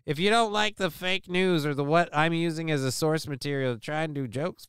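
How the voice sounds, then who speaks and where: A man's voice: fairly high pitch, brisk, hardly any pauses, fairly bright tone, smooth, dry recording, clean studio sound. A man hosting a live stream show, talking casually and rambling through news stories in a crude, sarcastic way with lots of swearing.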